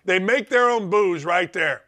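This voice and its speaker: Brief: middle-aged male sports host, high, bright and forceful, rambling and emphatic. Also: expressive, unhurried. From Indiana. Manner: emphatic, rambling, repeats words for stress. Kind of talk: sports talk monologue.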